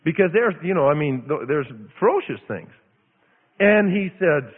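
Lively high-voiced preacher, tinny and echoey. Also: male voice, moderate pace, slightly rough. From Idaho, USA. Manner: animated, dramatic storytelling with repetition. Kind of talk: sermon with storytelling.

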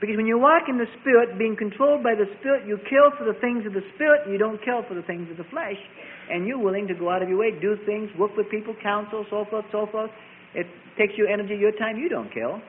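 High-voiced preacher guy, really animated delivery, sounds like it's over a phone line. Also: quick pace, slight background noise. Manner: emphatic, repeats and contrasts key phrases. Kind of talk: sermon. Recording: tinny phone-like sermon recording.

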